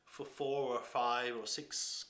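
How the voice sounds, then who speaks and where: A man's voice: medium pitch, flat delivery, slow pace, a bit bright. A man chatting casually, laughing often and restarting his phrases. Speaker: children's science performer. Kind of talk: casual chat. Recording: roomy echo.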